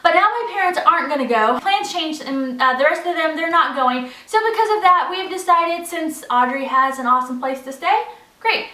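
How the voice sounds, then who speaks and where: A bubbly American mom chatting to her camera, high and bright in tone. She talks in a chatty, rambling way, full of "like" and little laughs. Her voice rings a bit in an echoey room, from a step away from the mic. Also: fairly quick, distant mic. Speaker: vlogger, mother of three. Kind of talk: casual chat to camera.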